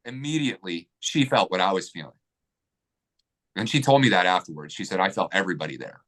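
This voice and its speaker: A man's voice: deep voice, animated, brisk, a bit bright. A man telling a personal story in a casual interview, getting emotional, swearing freely and acting out what people said.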